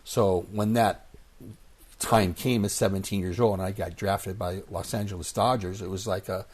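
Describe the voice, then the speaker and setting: A man in his sixties telling stories as an interview guest, animated and acting out the voices of people he quotes. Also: low voice, moderate pace. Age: 60s. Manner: animated storyteller who acts out quoted voices. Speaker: guest, former baseball player. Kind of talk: casual storytelling interview.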